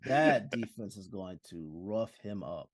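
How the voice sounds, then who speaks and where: A man's voice: fairly low pitch, animated, measured pace, no room sound, clean studio sound. A man co-hosting a casual sports podcast, laid-back and sarcastic. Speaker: podcast co-host.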